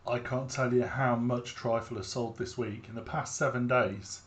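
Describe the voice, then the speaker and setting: A man's voice: medium pitch, fairly even intonation, normal speed. A man from the United Kingdom chats casually as a podcast co-host. He talks bluntly and teases the others, with the odd swear word. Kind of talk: casual chat.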